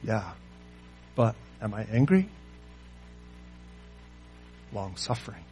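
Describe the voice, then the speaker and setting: A man preaching a sermon, pressing his listeners with rhetorical questions and moving between loud emphasis and quiet asides. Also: on the low side, big pitch swings, slow, soft background music. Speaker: pastor.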